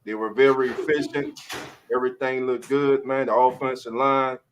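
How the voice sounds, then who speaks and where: A man hosting a casual sports podcast live stream, greeting viewers with loud, hyped shout-outs, speaking. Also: mid-range voice, steady tone, moderate pace, lo-fi sound, background noise. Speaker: podcast host.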